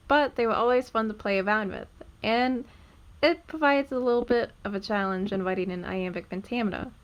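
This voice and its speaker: Bright-voiced young woman explaining poetry. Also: a little high. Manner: clear, deliberate, slows to stress syllables. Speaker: student teaching poetry. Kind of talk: scripted educational narration.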